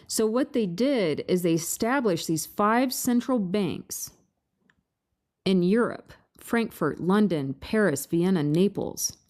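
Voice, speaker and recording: A woman giving a casual talk to a group, reading aloud and breaking off into animated rhetorical asides. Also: medium pitch. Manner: animated, rhetorical questions, frequent restarts. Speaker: presenter at a meeting.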